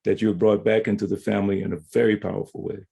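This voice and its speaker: An older man speaks earnestly and with affection. His voice is gravelly and husky, with a dark, mellow tone. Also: fairly low pitch, level tone, fast talker.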